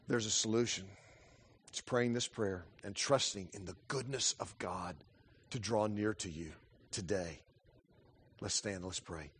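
A middle-aged man preaching a sermon in a church, earnest and storytelling, moving between hushed and emphatic passages. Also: fairly low pitch, unhurried, husky. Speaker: pastor.

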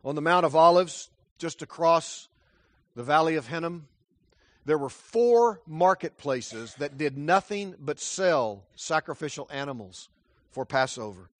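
A man preaching a sermon, telling a story dramatically and swinging from loud declarations to hushed tones. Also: a little high, animated, unhurried, no echo.

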